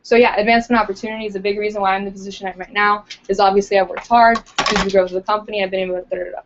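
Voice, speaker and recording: A woman's voice: medium pitch, flat delivery, racing, background noise. A woman recruiter coaching a small group in a casual, chatty way, full of fillers, acting out interview lines as she goes. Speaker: recruiter giving training. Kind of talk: casual training talk to a group. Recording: dull lo-fi recording.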